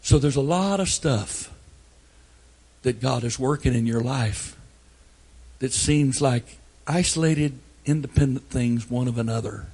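An older man preaching a sermon, telling folksy family stories and breaking into loud outbursts. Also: medium pitch, unhurried, slightly rough. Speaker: pastor.

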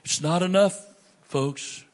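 A man preaching a sermon as a pastor, swinging between booming lines and hushed whispers. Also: slow.

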